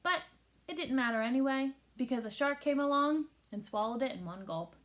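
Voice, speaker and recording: A woman reading a children's picture book aloud with expressive storytelling. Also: high-pitched, a little fast. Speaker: teacher.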